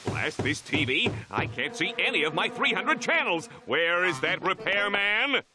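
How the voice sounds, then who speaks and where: An actor voicing a dim, childish middle-aged dad in an animated cartoon, with goofy outbursts. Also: male voice, sits high, unhurried. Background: background music.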